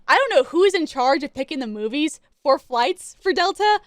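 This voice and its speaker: Excitable high-voiced woman storyteller. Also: normal speed. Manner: animated, excitable, laughs often; chatty, self-interrupting asides. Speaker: gaming content creator. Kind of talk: casual storytelling while gaming.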